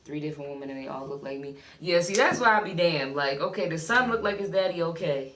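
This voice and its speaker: A woman's voice: low voice, expressive, fast, a bit bright. A woman from Maryland chatting casually on a livestream, teasing and laughing often. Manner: loose, teasing, laughs often, reads chat aloud. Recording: echoey room, far from mic, faint noise.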